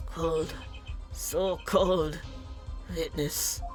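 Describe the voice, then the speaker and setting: A woman voicing a dying man who speaks weakly, halting and stammering. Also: low-pitched, fairly even intonation, a little mellow, faint music behind, pitched below the performer's own voice. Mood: faint, gasping. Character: dying middle-aged man, faint and gasping.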